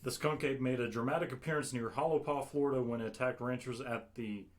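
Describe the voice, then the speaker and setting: A man co-hosting a casual podcast, talking in an easygoing way. He tells stories and reads out bits of monster lore at a relaxed, unhurried pace. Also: medium pitch. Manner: relaxed storytelling, reading out cryptid lore. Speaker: podcast co-host. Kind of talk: casual chat.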